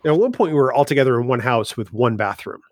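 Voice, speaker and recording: A man's voice: medium pitch, expressive, fast talker, a little mellow, no room sound. A man, telling family stories in a casual chat with dry humor. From New Hampshire. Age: 50s.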